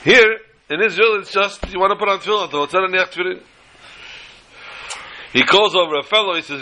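A man and religious teacher, telling humorous stories in a sermon with lively delivery. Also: sits high, fairly quick, pauses often, slight background noise, poor audio. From United States. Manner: animated storyteller, shifts between voices. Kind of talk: storytelling sermon with jokes.

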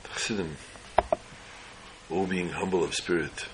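A man telling an inspirational religious story slowly, in short measured phrases. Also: sits low, fairly even intonation, very noisy.

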